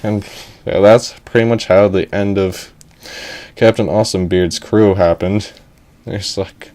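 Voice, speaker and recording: A man telling an improvised story in a rambling, excitable way, often chuckling. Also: lowish voice, a little slow.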